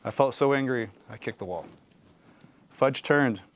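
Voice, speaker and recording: A man reading a children's novel aloud in an expressive storytelling way, close to the mic. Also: mid-range voice, a little slow, dry recording. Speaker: guest reader.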